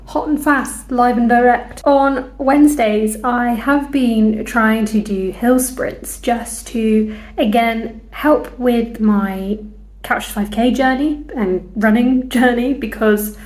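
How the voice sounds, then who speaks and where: A woman's voice: a little high, a little mellow. A young woman talking through her week in a casual, self-deprecating fitness vlog on a clip-on mic. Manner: chatty, self-deprecating, laughs at herself. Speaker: fitness vlogger. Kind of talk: casual vlog chat to camera. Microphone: clip-on lapel mic held in hand.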